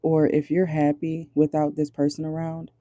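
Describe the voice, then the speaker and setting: Dark-voiced casual tarot reader in a car. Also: mid-range voice, monotone, no room sound, dull audio. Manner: pauses often while channeling; casual, swears, laughs nervously. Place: inside a car.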